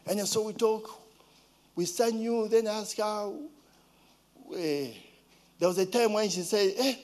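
A man's voice: high voice, takes it slowly, a little mellow. A man with a Ugandan accent telling a casual story, asking rhetorical questions and now and then mimicking a child's voice.

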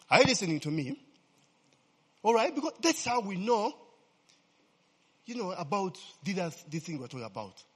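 Husky preacher in a reverberant hall. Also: male voice, on the high side, fairly bright tone. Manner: peppers talk with "eh?" and "okay?" checks to the congregation; asks the crowd questions and fills in his own answers. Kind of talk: humorous conversational sermon.

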